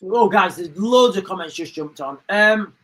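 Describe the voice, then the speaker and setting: A woman's voice: mid-range voice, lively intonation, normal speed, fairly bright tone, rough recording. A woman hosting a livestream, talking in an indignant, rambling way and often repeating herself. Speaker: livestream host. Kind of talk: casual livestream commentary.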